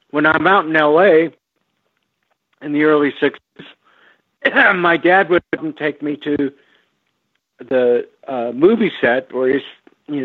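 Slow-talking man on a tinny phone line. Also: mid-range voice, no echo. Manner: slow, halting, with frequent fillers and restarts. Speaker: guest. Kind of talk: relaxed storytelling over a phone line.

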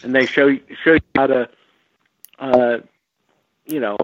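A man talks slowly and haltingly, stopping often to restart his thoughts. His voice comes through a tinny phone connection with no room sound at all. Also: medium pitch, fairly even intonation, no echo. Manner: slow, halting, with frequent fillers and restarts. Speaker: guest. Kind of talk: relaxed storytelling over a phone line. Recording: tinny phone line, dry.

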